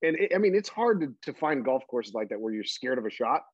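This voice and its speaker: Man giving steady opinions on a dull line. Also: medium pitch, husky, no room sound. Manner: measured, reasoning out his opinion. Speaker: podcast co-host. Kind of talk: casual chat.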